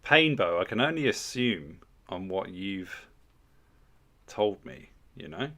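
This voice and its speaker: A man's voice: low voice, big pitch swings, takes it slowly, a bit bright. A man hosting a casual livestream, bantering with chat in a crude, swearing, mock-outraged way. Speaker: livestream host.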